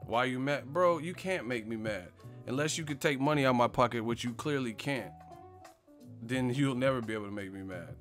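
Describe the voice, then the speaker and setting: A man's voice: medium pitch, normal speed, soft background music. A man hosting a boxing live stream, reading chat questions and answering in a brash, mocking, profane trash-talk manner.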